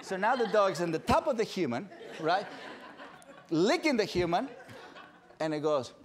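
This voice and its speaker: A man giving an animated storytelling talk at an event, now and then acting out excited dog lovers in high squealing voices. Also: normal speed, some chatter behind. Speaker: dog behaviorist speaker. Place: event stage.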